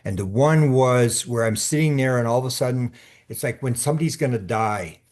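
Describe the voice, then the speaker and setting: A man guesting on a podcast tells stories casually, acting out quoted speech and frequently restarting and repeating words. His voice is medium-pitched and a little mellow, and he talks a little fast.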